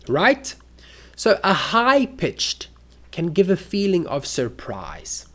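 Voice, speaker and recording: A man's voice: high-pitched, wildly swooping pitch, takes it slowly, bright, forceful tone. A man teaching an English lesson, demonstrating intonation with exaggerated examples.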